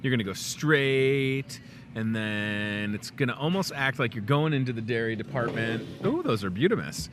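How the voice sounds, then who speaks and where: A middle-aged man with a Midwestern American accent hosts a casual, jokey talk show from a grocery store aisle, wearing a clip-on lapel mic. His medium-pitched voice has lively intonation at normal speed, upbeat and chatty over a noisy background.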